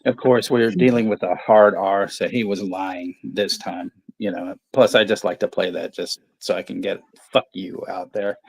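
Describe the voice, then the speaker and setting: A man's voice: low-pitched, steady tone, normal speed, creaky, husky, dry recording. A man hosting a movie watch-party stream, chatting casually and joking with laughs between phrases. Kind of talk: casual livestream chat.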